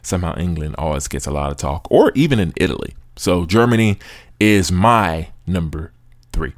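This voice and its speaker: A man's voice: low-pitched, animated, normal speed, no room sound, studio quality. A young American man hosting a sports podcast, talking casually and with animation, with slang and frequent laughs. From United States. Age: young adult. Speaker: podcast host.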